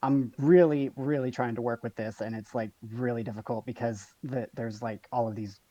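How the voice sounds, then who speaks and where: A man's voice: mid-range voice, fairly even intonation, normal speed, dark tone, no room sound, highs cut off. A man playing in an online tabletop game, hesitant and self-conscious, often restarting his sentences. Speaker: player. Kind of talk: casual tabletop game chat.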